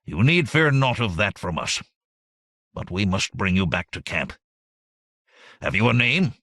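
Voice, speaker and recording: A man's voice: on the low side, big pitch swings, measured pace, fairly bright tone, no room sound, studio quality, full character voice. A man playing a grave, stern nobleman who commands rebel troopers.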